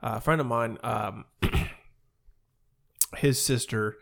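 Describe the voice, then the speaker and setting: Podcast host, male, from Ohio, loud and animated storyteller, casual banter. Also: mid-range voice, slow, vocal fry. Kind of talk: casual chat.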